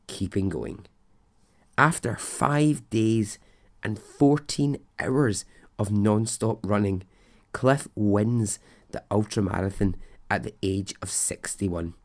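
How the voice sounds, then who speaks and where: A man hosting a podcast, telling a story in a chatty, animated way and laughing at his own tale. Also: fairly low pitch. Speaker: podcast host. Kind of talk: casual storytelling.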